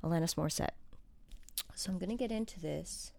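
Woman, low voice, gravelly fry, earnest confessional vlog, nervous, drops to whispers. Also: a little fast. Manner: earnest, confessional, soft-spoken with dips to a hushed whisper. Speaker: vlogger sharing her recovery story. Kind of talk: candid personal monologue, reading her journal aloud.

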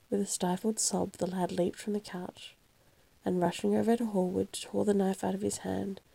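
A woman reading a classic novel aloud as narrator, in measured, dramatic storytelling. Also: mid-range voice, vocal fry, mellow, husky. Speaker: audiobook narrator.

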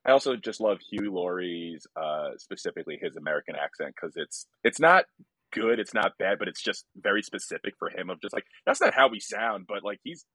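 A man's voice: low voice, animated, fairly quick, bright, forceful tone, dry recording. A man appearing as a comedian guest on a podcast, chatting animatedly, laughing, and acting out other people's lines. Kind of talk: casual comedic chat.

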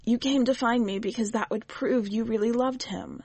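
A woman's voice: fairly high pitch, steady tone, moderate pace, a little mellow, breathy edge, dry recording, pitched above the performer's own voice. A woman doing a wry, patient witch. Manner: dry, patient, teacherly. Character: wry, shrewd witch, woman, gently probing.

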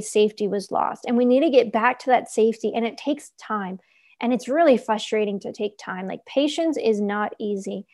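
A woman's voice: on the high side, darkish tone. Earnest woman explaining with frequent "right?". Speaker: guest speaker on communication. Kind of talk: conversational teaching.

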